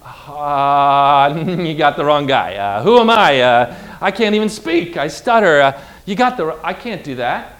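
A man's voice: a little high, very animated, measured pace, hardly any pauses, a bit bright. A man preacher acting out a timid, frightened man who pleads that he is too weak to go. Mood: sheepish. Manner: pleading, self-deprecating.

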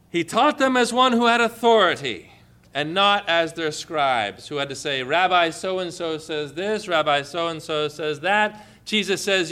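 High, bright-voiced man preaching a sermon. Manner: emphatic, acts out quoted lines with swings in pitch and loudness.

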